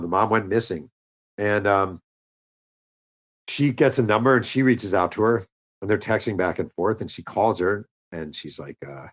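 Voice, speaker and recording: A man with a somewhat low voice tells a story as a podcast guest. He moves quickly through the events and slips into the voices of the people he quotes, lifting his tone for their lines. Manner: animated storyteller, acts out quoted dialogue. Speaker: author and guest. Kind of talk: conversational storytelling interview.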